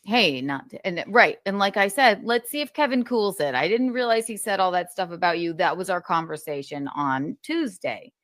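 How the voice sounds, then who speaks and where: A woman's voice: lowish voice, expressive, normal speed, few pauses, fairly bright tone, no room sound, clean studio sound. Exasperated, swearing woman ranting. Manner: profane, rambling, exasperated. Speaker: streamer recounting a feud. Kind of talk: heated casual rant.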